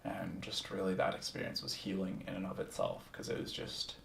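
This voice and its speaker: Gravelly low-voiced man, roomy sound. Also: fairly even intonation, a little fast, a bit bright, far from the mic, slight background noise. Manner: candid and reflective, swears freely. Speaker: podcast host. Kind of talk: casual first-person storytelling. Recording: roomy sound, set back from the mic.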